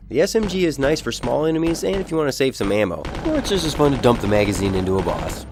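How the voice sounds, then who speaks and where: Animated, profane male game reviewer. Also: medium pitch, background noise. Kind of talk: comedic game review voice-over.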